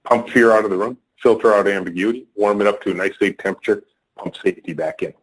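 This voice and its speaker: A man's voice: lowish voice, fast talker, husky, low-quality recording. A middle-aged man, a company leader as podcast guest, telling a workplace story and acting out the people in it. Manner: animated storyteller, acts out quoted people.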